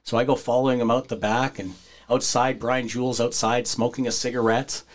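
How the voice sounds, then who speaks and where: Animated storytelling man. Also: mid-range voice, brisk. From Canada. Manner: animated, acts out quoted voices, breaks into laughter. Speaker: podcast host telling a wrestling story. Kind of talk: casual storytelling.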